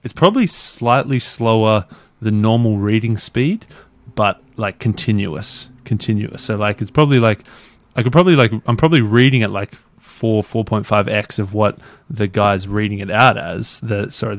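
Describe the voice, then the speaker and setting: Low-voiced man chatting casually. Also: moderate pace, dry recording. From Australia. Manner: rambling, many fillers and restarts. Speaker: podcast guest. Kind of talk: casual interview chat.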